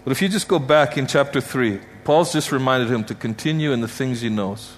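A man's voice: mid-range voice, a little fast, few pauses. A man from Canada preaching a heartfelt sermon, repeating his points with emphasis and pronouncing blessings over a church congregation. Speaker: guest preacher. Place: church sanctuary.

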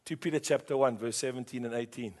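A male pastor, preaching a sermon and calling on the congregation to repeat his words, dropping from hushed tones to loud passion. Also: medium pitch, fast. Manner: call-and-response preaching, swinging between hushed and loud.

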